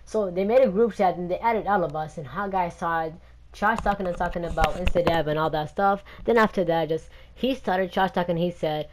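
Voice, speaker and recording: A man's voice: high voice, brisk, a little hiss or hum. A young man hosting a gaming channel, talking in a rambling, indignant and defensive rant.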